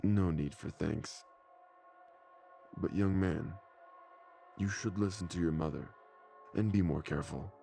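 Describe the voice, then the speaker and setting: A man's voice: sits low, measured pace, vocal fry, long pauses, a little hiss or hum. A man voicing an eerily sweet husband. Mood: friendly. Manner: warm, chipper, tender with his wife. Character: cheerful adult man, eerily sweet and doting. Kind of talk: scripted horror story narration.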